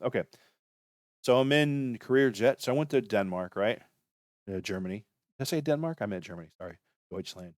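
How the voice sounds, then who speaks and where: A channel host gives career advice in a lowish, animated voice, talking casually and briskly. The recording is studio quality with no echo, and his delivery is chatty and rambling, stuffed with fillers.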